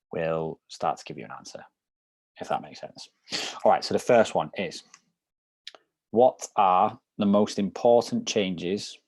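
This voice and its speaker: A man with a very low voice talks through coaching ideas in a loose, rambling way, leaning on little fillers as he goes. The sound is close and dry, with almost no room around him. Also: darkish tone, no echo. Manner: loose, explanatory, lots of "so" and "kind of". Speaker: wellness program coach. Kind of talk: casual group discussion.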